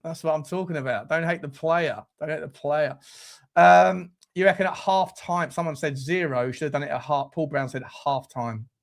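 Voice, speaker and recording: A man's voice: fairly high pitch, normal speed, vocal fry. A man hosting a live fan stream, who talks bluntly with crude jokes and reads out the chat. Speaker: fan show presenter.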